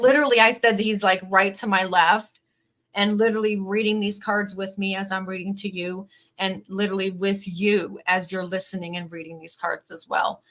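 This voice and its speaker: Reading card messages aloud to camera, this tarot reader speaks with heartfelt emotion, her speech full of "like" and "definitely". Her mid-range, fairly bright voice shows little pitch movement at a moderate pace, and the recording is rough.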